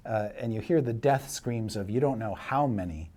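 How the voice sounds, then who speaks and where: A middle-aged man runs a tabletop game as its narrator. He paints the action vividly, pausing on fillers and laughing as he goes. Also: lowish voice, lively intonation, dark tone. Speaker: dungeon master.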